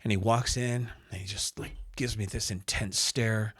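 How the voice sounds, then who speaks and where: Animated man telling a radio story. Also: lowish voice, moderate pace, slightly rough. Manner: lively storyteller, acts out other people's lines in quotes. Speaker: radio host and sports announcer, podcast guest.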